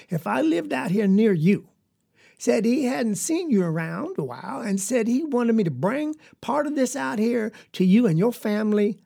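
A woman with a Southern US accent voicing a hearty farmer father who talks in a booming, cheerful way. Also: creaky, darkish tone, breathy edge, exaggerated voice.

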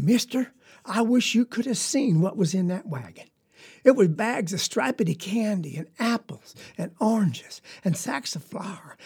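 A woman's voice: medium pitch, dark tone, breathy edge, exaggerated voice. A woman with a Southern US accent playing a young farm girl who tells a story in a rambling, folksy, confiding way. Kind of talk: dramatic monologue.

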